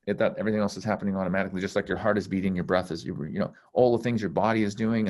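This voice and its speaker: Spiritual teacher, male, very low voice, blunt and profane, rambling and intense, casual call. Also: fairly even intonation, racing, hardly any pauses, darkish tone. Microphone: call microphone.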